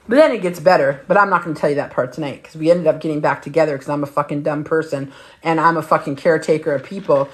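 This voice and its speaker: A middle-aged woman hosting a livestream, telling a story in a casual, emphatic way full of profanity. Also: low-pitched. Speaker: livestream host.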